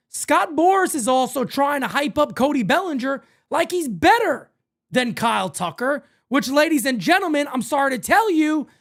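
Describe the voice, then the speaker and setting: A man hosting a fan live stream, ranting about sports in a loud, excitable way. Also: very high voice.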